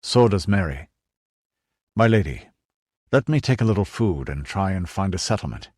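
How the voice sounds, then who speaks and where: A man voicing a loyal baron, earnest and courteous. His voice is low and dry. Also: expressive, moderate pace, a little mellow, no echo. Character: loyal male noble, a baron.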